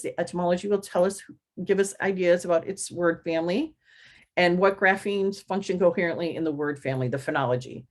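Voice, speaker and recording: A woman teacher giving a presentation on a literacy method, spelling out words letter by letter and adding quick asides. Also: lowish voice. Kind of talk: explanatory presentation.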